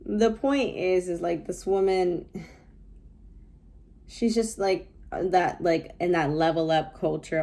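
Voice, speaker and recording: A woman talking through her reaction to a clip in a relaxed, rambling commentary. Her voice sits low and warm, with a gravelly fry running through it. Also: measured pace. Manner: thoughtful, rambling with many fillers.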